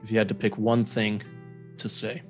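A man hosting a podcast interview, reacting warmly and asking the closing question. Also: fairly low pitch, level tone, normal speed, faint music behind. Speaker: podcast host. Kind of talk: casual interview.

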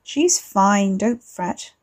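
A woman's voice: medium pitch, lively intonation, very slow, darkish tone. A woman voicing a cocky young man who mocks and taunts his cousin over the phone. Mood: taunting. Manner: smug, mocking, drawling.

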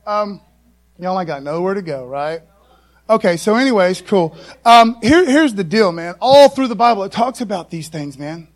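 High-voiced casual preacher man. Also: expressive, normal speed. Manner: casual, folksy preaching with many asides. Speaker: pastor. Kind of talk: sermon.

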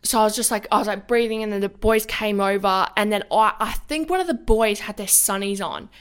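A woman's voice: medium pitch, fairly quick, a bit bright, clear, resonant tone. A young woman, a podcast co-host telling a story in casual chat, rambling and swearing a lot.

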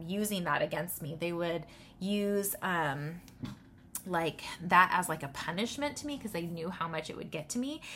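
A woman in her thirties talking through self-help advice in a loose, conversational way, often checking in with "right?" and filling pauses with "um" and "like". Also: lowish voice, a bit bright, a little hiss or hum. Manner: conversational, tags points with "right?"; loose, with many fillers. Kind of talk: casual advice talk.

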